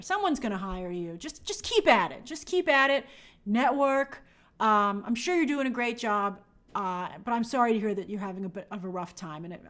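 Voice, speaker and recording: A woman's voice: mid-range voice, fairly bright tone. A woman hosting a livestream, chatting casually and reading viewer comments aloud in an upbeat way. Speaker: livestream host reading chat. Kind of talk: casual live chat.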